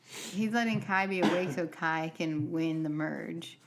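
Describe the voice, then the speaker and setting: A woman's voice: sits low, measured pace, noisy background. A woman co-hosting a podcast, chatting casually, laughing often and chiming in with agreement. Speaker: podcast co-host. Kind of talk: casual chat.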